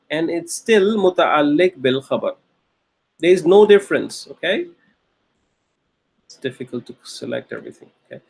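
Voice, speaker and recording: A man's voice: high voice, darkish tone, breathy edge. A man teaching a recorded Arabic grammar lecture, patiently repeating key phrases and often checking with "okay?".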